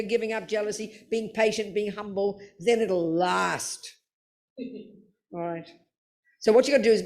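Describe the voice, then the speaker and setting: Blunt, playful older woman teaching. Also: on the low side. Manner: blunt, playful, calls people darling. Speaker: Buddhist nun teacher. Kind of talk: Dharma talk with Q&A.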